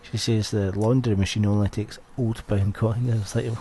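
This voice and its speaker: A man's voice: fairly low pitch, fairly even intonation, normal speed, mellow, slightly rough. A young Scottish man co-hosting a casual podcast, swearing a lot and telling stories with laughs. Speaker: podcast co-host. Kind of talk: casual chat.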